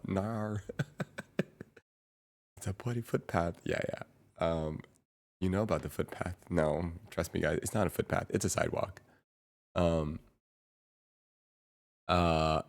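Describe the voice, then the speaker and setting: A young man streaming from home, chatting casually in a rambling, halting way with lots of ums and laughs. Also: low-pitched, fairly even intonation, gravelly. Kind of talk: casual chat reading chat.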